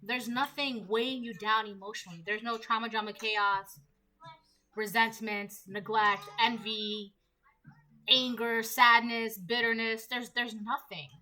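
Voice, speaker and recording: A woman giving a casual tarot reading, chatty and rambling, slipping into quick voiced asides. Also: fairly high pitch, fairly even intonation, pushed and bright, low-quality recording. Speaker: tarot reader.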